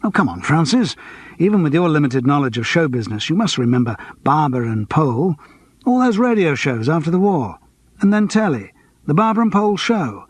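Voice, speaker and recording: A man's voice: on the high side, breathy edge, no room sound. A man voicing a theatrical middle-aged stage actor with a grandiose, self-mocking manner.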